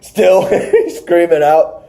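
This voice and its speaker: A man hosting a casual wrestling review podcast, recapping matches with animated retellings and acted-out lines. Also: high voice, slow, vocal fry. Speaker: podcast host.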